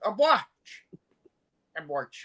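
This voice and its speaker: A man with a Brazilian Portuguese accent, a podcast co-host trading goofy jokes and loud impressions in casual banter. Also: sits high, very animated, slow pace. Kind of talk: joking banter.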